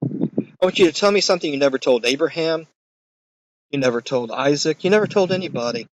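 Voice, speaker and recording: A man's voice: fairly high pitch, expressive, brisk, background noise, close to an everyday voice. A man quoting a weary, doubtful man who pleads with God in casual, everyday speech, using his own voice. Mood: insistent. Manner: earnest, pleading.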